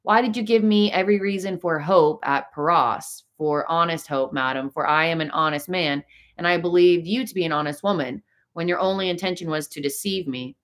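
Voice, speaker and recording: A jealous young man full of bitter passion, voiced by a woman reading a storybook. His words come in heated, sarcastic bursts, carried on a low voice. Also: fairly quick, fairly bright tone, lightly acted. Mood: angry.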